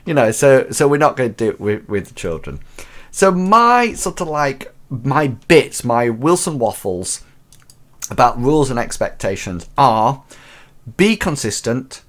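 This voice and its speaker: Rambling man hosting a show. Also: mid-range voice. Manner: chatty, waffling, full of restarts and fillers. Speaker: host of a teaching show. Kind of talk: rambling live show monologue.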